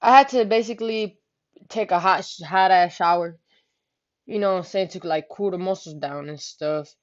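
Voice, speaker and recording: A woman's voice: fairly low pitch, normal speed. A woman telling a story in casual, rambling talk, full of slang and swearing, often tossing in "you know what I'm saying.". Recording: slightly muffled lo-fi recording.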